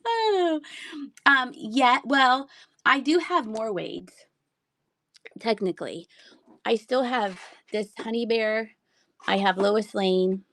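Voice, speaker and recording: A woman's voice: a little high, lively intonation, slow pace, pauses often, a bit bright, no room sound. A woman hosting a casual live-selling stream from home, rambling between items and reading out viewer comments. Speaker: livestream seller. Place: home room with shelves.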